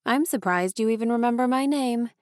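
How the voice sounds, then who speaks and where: A woman voicing a sharp-tongued eighteen-year-old young woman who speaks sarcastically and curtly. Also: fairly high pitch, expressive, measured pace, no room sound, studio quality. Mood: sarcastic. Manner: sarcastic and curt.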